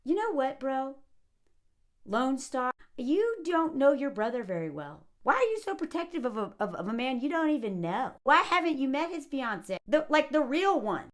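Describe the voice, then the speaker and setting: Female film vlogger, mocking and conversational, high, very animated delivery. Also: normal speed. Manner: sarcastic and mocking; chatty, full of likes and ums. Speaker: movie reviewer. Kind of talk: casual commentary.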